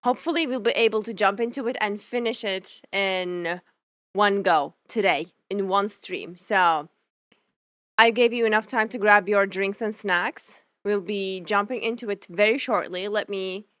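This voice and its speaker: A woman's voice: mid-range voice, measured pace, fairly bright tone, no echo. A young woman streamer greeting her chat in a bubbly, effusive way, laughing often and thanking viewers before a game stream.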